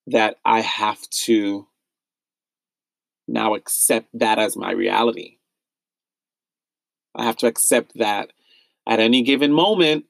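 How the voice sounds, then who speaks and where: A man's voice: lowish voice, creaky, no room sound. A young man from the United States hosting a solo podcast, speaking with raw pain and anger, repeating himself as he vents. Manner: emotional, repetitive, pained and angry. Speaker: podcast host.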